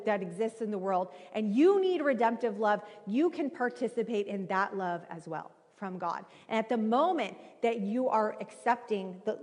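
A woman in her thirties preaching a sermon, telling a personal story in a conversational, animated way with many fillers. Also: medium pitch. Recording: reverberant hall.

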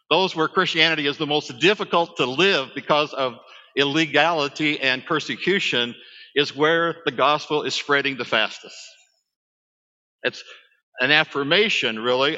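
A man's voice: fairly high pitch, pushed and bright, long reverb tail, lo-fi sound. A man, preaching a sermon as a pastor, talking conversationally with asides to his congregation.

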